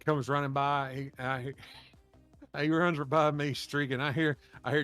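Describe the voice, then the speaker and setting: A man's voice: a little high, little pitch movement, normal speed, a bit bright, clean tone, no room sound. A man with a drawl tells a long, meandering story on a podcast. He swears freely, restarts his sentences and laughs at his own tale. Faint music sits in the background. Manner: rambling, profane, laughs while telling stories. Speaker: podcast co-host. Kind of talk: casual storytelling chat.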